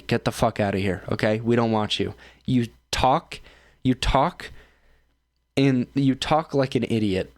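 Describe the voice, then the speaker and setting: A man's voice: medium pitch, no echo. A man hosting his own show, ranting profanely and rambling through reaction commentary with lots of fillers. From United States. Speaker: streamer and show host.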